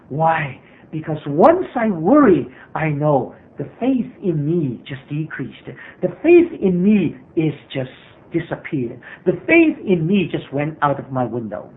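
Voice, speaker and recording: High-voiced preaching man, tinny sound. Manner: earnest, repetitive preaching with frequent hesitations. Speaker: pastor. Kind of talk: sermon. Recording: tinny phone-like sermon recording.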